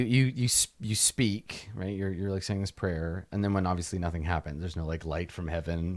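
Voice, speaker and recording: A man running a tabletop game as game master, narrating in a halting way with many fillers and restarts. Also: deep voice, no echo, studio quality.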